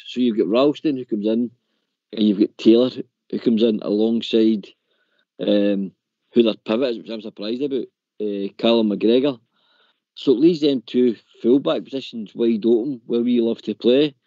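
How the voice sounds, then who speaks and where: A man's voice: medium pitch, steady tone, moderate pace, warm tone, no echo, dull audio. A man hosting a casual football phone-in show, talking tactics in an opinionated way and stumbling over his words. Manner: opinionated, repeats words, says "mate" and "in my opinion". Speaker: phone-in host.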